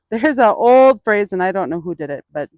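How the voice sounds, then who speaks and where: A woman in an outdoor pen, explaining each step of a training session to viewers. She sounds dry and close, at a middle pitch. Her voice drops to a gentle, coaxing murmur when she speaks to the animal. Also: animated, moderate pace, dry recording. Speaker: burro trainer. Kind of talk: hands-on training demonstration.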